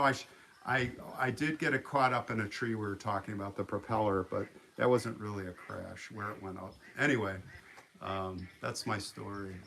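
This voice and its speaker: A man hosting a livestream, telling a story in a casual, animated way with frequent restarts. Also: lowish voice, gravelly. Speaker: livestream host.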